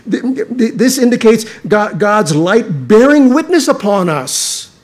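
Preaching with earnest emphasis, a man with a high-sitting voice frequently restarts his lines. At times his sermon sinks to a quiet, intense register.

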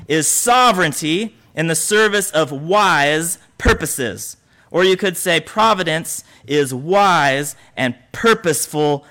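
Bright high-voiced male preacher. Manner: animated, acts out quoted voices. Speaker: pastor. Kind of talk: sermon.

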